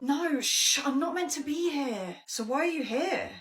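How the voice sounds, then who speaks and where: Lively high-voiced woman in sketches. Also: a little slow. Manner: playing everyday workers and customers. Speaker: sketch comedian. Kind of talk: comedy sketch acting.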